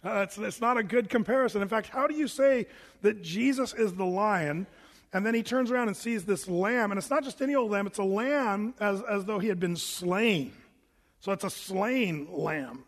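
A high-voiced male pastor teaching scripture in a chatty, animated way. He reads verses and tells jokes like a storyteller. His voice rings out with a long reverb in a church hall. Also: normal speed. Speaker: pastor teaching a Bible study. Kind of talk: conversational verse-by-verse sermon.

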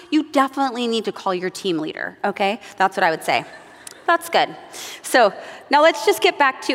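A middle-aged woman leads a moms' group, telling family stories and acting out little moments as she goes. Her delivery is chatty and animated, and a long reverb trails each phrase, as in a large church room. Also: medium pitch. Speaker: moms' group Bible study leader. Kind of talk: devotional teaching with personal stories.

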